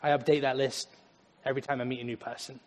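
A young man preaching a lively sermon in a church, laughing often as he talks. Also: mid-range voice, fast talker, long reverb tail. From Germany. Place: church sanctuary.

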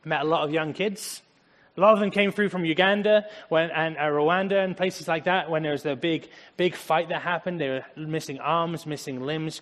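A man's voice: a little high, fairly bright tone. A man preaching a conversational sermon, mixing scripture with personal anecdotes and casual asides. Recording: long hall reverb.

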